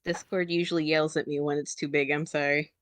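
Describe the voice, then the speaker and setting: A woman playing in a tabletop game, chatting casually in an apologetic way, quick to explain herself. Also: low voice, level tone, dry recording. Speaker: player.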